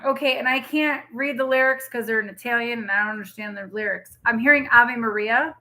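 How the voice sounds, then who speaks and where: A young woman talks through a tarot reading for her viewers in a loose, rambling way, full of fillers and quick feeling. Her voice is bright and sits a little high. She sounds chatty and emotional. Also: slight background noise. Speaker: tarot reader.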